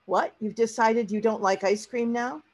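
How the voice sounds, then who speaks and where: A woman reading a story aloud to a class, voicing a defensive, hurt husband in her own husky voice. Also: fairly high pitch, fairly even intonation, moderate pace, natural voice, rough recording. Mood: puzzled.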